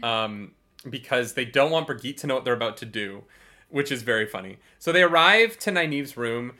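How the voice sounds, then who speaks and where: A woman's voice: very deep voice, expressive, normal speed, bright, forceful tone. A woman co-hosting a casual book club podcast, chatty and swearing freely, with lots of fillers. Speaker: podcast co-host.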